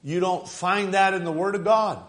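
A man preaching a fervent sermon, retelling stories and building to loud exclamations. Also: high voice, fairly even intonation, moderate pace. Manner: fervent, rising to shouts, quoting and laughing.

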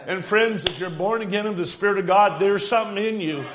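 A man preaching a fervent sermon, retelling stories and building to loud exclamations. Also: high voice, a little fast, a crowd in the background. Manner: fervent, rising to shouts, quoting and laughing.

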